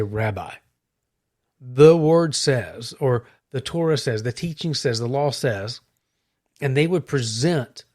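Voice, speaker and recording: A man co-hosting a Christian podcast, speaking earnestly and reflectively, slowing down on key points. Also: medium pitch. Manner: earnest, reflective, slow emphasis. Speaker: podcast co-host, Christian minister. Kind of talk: casual chat.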